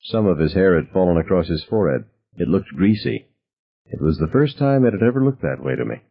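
A man narrating a novel in first person, with expressive storytelling. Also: low-pitched, fairly quick, slightly rough, muffled recording. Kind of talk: audiobook narration.

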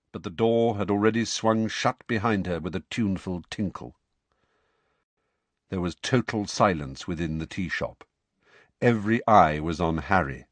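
A man narrating a novel aloud with expressive storytelling. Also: on the low side, dry recording. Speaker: audiobook narrator. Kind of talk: scripted narration.

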